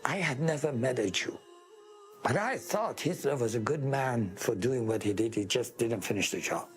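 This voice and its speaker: A man's voice: medium pitch, lively intonation, normal speed, soft background music. A man from Iran, giving an earnest, heartfelt personal faith testimony in an interview.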